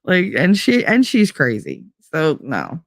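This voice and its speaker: A woman in her forties telling a casual late-night story on a stream, animated and swearing freely as she acts out quoted voices. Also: sits low, takes it slowly, vocal fry, no room sound, studio quality.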